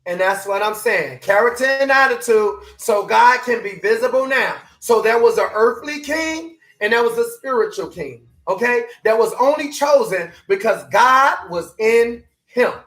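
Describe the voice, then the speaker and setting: A man preaching a motivational sermon, animated and hollering, his voice climbing higher as he makes his point. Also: measured pace, hardly any pauses. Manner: voice climbs high when emphatic.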